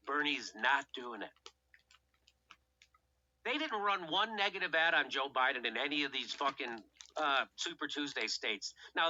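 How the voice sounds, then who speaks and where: Heated, bright-voiced man ranting. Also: fairly high pitch, a little hiss or hum. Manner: heated, sarcastic, swears often, rhetorical questions. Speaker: political show host. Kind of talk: profane political commentary rant. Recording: dull lo-fi recording.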